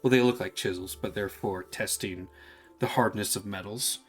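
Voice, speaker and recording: A man running a tabletop game as game master, describing scenes in a relaxed way. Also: on the low side, normal speed, soft background music. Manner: relaxed, descriptive, acts out characters.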